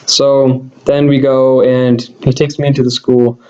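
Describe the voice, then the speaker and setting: A man's voice: medium pitch, little pitch movement, a little slow, mellow, lo-fi sound, a little hiss or hum. A young man casually telling a personal story to camera as a vlogger, rambling with lots of fillers and self-deprecating asides.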